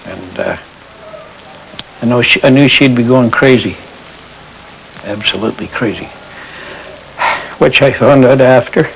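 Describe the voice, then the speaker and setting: An older man, a war veteran, recalling his memories in a documentary interview, halting and reflective with many pauses. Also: mid-range voice, gravelly, fairly bright tone, a little hiss or hum, low-quality recording.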